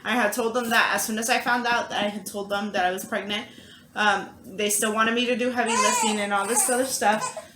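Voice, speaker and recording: A young woman telling a personal story in casual chat, animated and quick to act out what others said. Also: fairly high pitch, heavy background noise. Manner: chatty, animated, acts out quotes. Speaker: vlog co-host, mother. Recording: echoey room with music behind.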